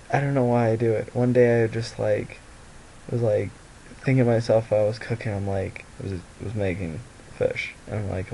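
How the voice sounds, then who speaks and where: Tired young man with a gravelly voice. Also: on the low side, dark tone, a little hiss or hum, low-quality recording. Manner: rambling, lots of fillers and restarts. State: tired, sleepy voice. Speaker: vlogger. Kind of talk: casual confessional vlog. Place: at home by a mirror.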